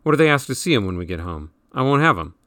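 A man's voice: mid-range voice, big pitch swings, quick pace, fairly bright tone, no echo, voice pushed up. A man voicing a worldly, lecturing teenage older brother who explains everything in a slightly raised, dry-recorded voice. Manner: bossy, explaining.

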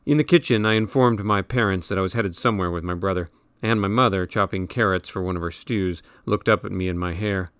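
A man reading a novel aloud in measured, wry audiobook narration. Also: low-pitched, a bit bright, clear, resonant tone, no room sound, studio quality.

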